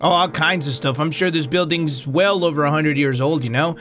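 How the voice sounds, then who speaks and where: A man's voice: fairly high pitch, brisk, a bit bright, faint music behind, close to an everyday voice. A man voicing a cheerful, folksy female building caretaker who talks in a homey, chatty way. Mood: cheery.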